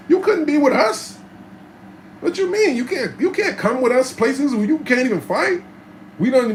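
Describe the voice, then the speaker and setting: A man telling stories from his life in a casual monologue, streetwise and animated, swearing freely and acting out the voices of people in his stories. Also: sits high, a little hiss or hum, rough recording. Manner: streetwise, animated storyteller who acts out voices and cusses freely.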